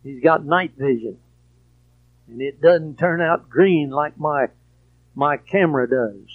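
A man preaching a sermon in a high, unhurried voice. He drops low for storytelling, then rises to loud, emphatic preaching. The recording is dull and lo-fi. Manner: preachy, swings from quiet to shouted emphasis.

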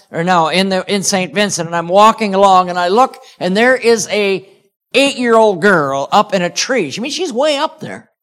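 High-voiced earnest male preacher. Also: fairly bright tone, clear, resonant tone. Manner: earnest, storytelling with chuckles. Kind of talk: sermon with prayer and stories.

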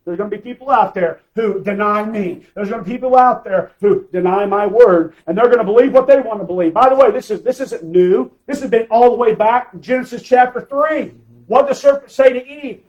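A man preaching a sermon, emphatic, calling for amens and swinging between loud and soft. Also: high-pitched, expressive, fairly quick, rough recording. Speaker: pastor.

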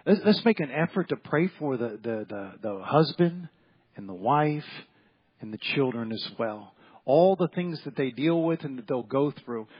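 The pastor preaching this evening sermon in a church sanctuary has a medium-pitched, slightly rough voice with lively intonation and a moderate pace. He is folksy and repetitive, frequently performing the voices of people in his stories, and the audio sounds dull.

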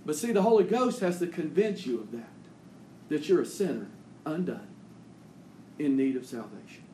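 High-voiced preacher in an echoey church. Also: male voice, very animated, moderate pace, dark tone, slight background noise. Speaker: pastor. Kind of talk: sermon.

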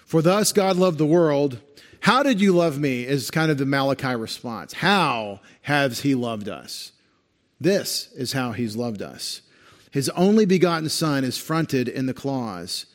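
A pastor's mid-range voice comes across as animated and a little slow. His expository sermon patiently explains Greek grammar, teacher-style, as he points things out on a screen.

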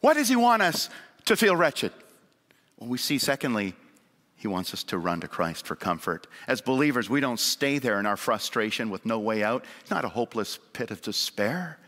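A man preaching a sermon in earnest, moving between raised emphasis and hushed appeals. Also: mid-range voice, very animated, moderate pace. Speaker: pastor. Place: church sanctuary. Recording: long church hall reverb.

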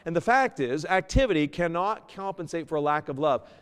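A man preaching a sermon as pastor, earnest, moving between loud emphasis and a quiet plea. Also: on the high side, expressive, brisk, clear, resonant tone, long reverb tail. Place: church sanctuary.

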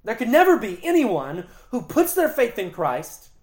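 In this reverberant clip, a woman teaching the Bible breaks down a verse's grammar, stressing and repeating key phrases as she explains. Her voice sits a little high, a little mellow, and very animated, at a normal speed.

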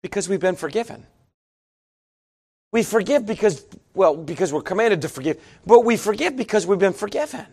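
A middle-aged man preaching a sermon, shifting from chatty storytelling to loud, emphatic preaching. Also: high voice, animated, normal speed, gravelly, breathy edge. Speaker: pastor.

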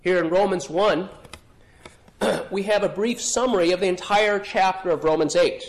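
A man preaching an expository sermon, earnest, often repeating and restarting phrases and clearing his throat. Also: high-pitched. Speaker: pastor.

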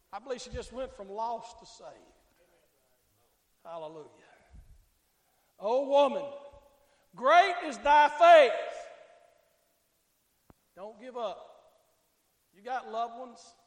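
A male pastor preaching a fiery sermon, swinging between shouting and hushed tones and calling out to the congregation. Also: very high-pitched, animated, a little slow, pauses often. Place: church sanctuary. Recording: echoey church hall with long reverb.

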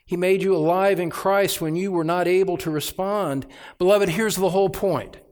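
A male pastor preaching an expository sermon, emphatic, repeating phrases and swinging from hushed asides to loud outbursts. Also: high-pitched, normal speed. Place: church sanctuary.

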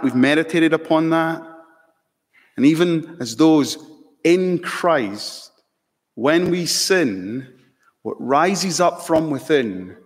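Slow, emphatic male preacher in a hall. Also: mid-range voice. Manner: slow and emphatic, building to fervent peaks. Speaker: pastor. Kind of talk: sermon. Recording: long hall reverb.

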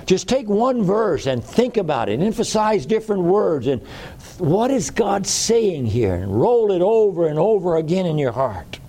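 Man preaching, gravelly, mellow tone, folksy repetition. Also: sits high, very animated, unhurried. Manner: folksy, repeats phrases for emphasis. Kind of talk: sermon.

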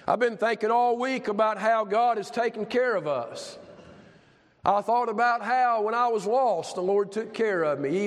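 A grandfather in his fifties preaching a sermon as pastor, with a fervent delivery that rises and falls. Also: high-pitched. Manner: fervent, rising and falling preaching cadence. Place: church sanctuary. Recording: long hall reverb.

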